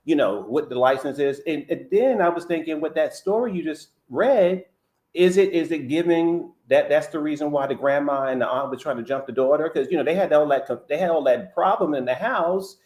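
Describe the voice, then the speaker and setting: A man in a casual gossip chat, animated and quick to repeat himself while he searches for words. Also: a little high.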